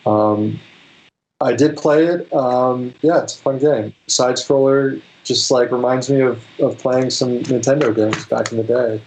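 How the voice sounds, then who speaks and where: A man speaking as a guest on an interview show, relaxed and rambling, with lots of fillers. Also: medium pitch, a little slow, slight background noise, poor audio. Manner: relaxed, rambling, many fillers, laughs easily. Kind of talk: casual interview chat.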